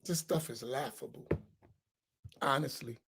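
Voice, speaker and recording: A man's voice: mid-range voice, measured pace, vocal fry, background noise. A man, an imam, teaching a religious class in a heated, sarcastic way full of rhetorical questions. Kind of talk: heated religious lesson, argumentative.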